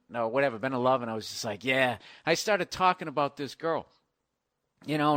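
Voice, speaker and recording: A man co-hosting a podcast, telling stories in a casual, animated, profane way. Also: mid-range voice, dry recording, studio quality. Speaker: podcast co-host. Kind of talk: casual chat.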